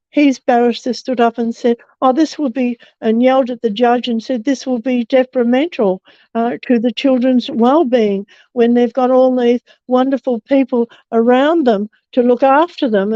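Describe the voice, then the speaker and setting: Slow, halting older woman. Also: fairly high pitch, mellow, dry recording. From Australia. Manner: halting and hesitant, many fillers and restarts. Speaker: interviewee. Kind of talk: personal testimony in an interview. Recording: dull, slightly muffled recording.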